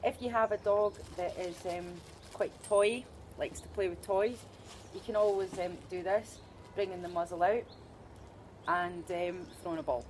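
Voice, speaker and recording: A woman's voice: lowish voice, steady tone, normal speed, a little hiss or hum. A woman with a Scottish accent giving a chatty, upbeat dog-training demonstration, with joking asides. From Scotland.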